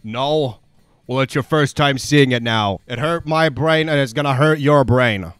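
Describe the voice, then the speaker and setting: A man's voice: medium pitch, unhurried, fairly bright tone, clear, resonant tone, dry recording. A young man giving sarcastic, rambling commentary over his own Roblox gameplay as a YouTuber. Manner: sarcastic, rambling, self-mocking.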